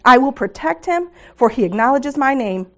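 Speaking at a moderate pace, this middle-aged woman has a high-pitched voice with lively intonation. Before a gathering of women, she earnestly reads scripture in a devotional tone, sharing laughs with the listeners.

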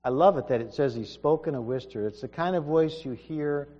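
A man's voice: a little high, fairly quick, mellow. Earnest man preaching in an echoey hall. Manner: earnest and emphatic, with repeated restarts. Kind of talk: sermon. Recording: dull reverberant hall recording.

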